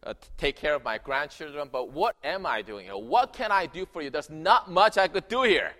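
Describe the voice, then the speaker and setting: A man voicing a humble, elderly Korean grandmother in her seventies, praying earnestly in halting, broken English. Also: fairly high pitch, animated, pushed and bright, long reverb tail, pitched above the performer's own voice. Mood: pleading.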